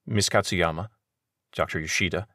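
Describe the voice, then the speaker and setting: An earnest army major who answers his superiors with respect and a firm edge, voiced by a man reading an audiobook. The voice stays deep and plain. The recording is close and dry. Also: normal speed, pushed and bright, dry recording. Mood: concerned.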